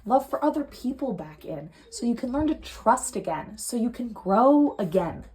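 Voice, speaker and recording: A young adult woman giving a pick-a-card tarot reading at home, earnest and emotional, swinging from soft to heated. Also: on the high side, sing-song, normal speed. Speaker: tarot reader. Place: home room.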